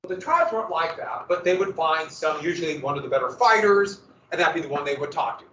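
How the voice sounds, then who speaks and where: A man's voice: on the high side, fast, sharp tone, recorded from a distance, a little hiss or hum. A man teaching a history class in a casual lecture, with joking asides and dramatic emphasis. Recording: echoey, muffled classroom recording from afar.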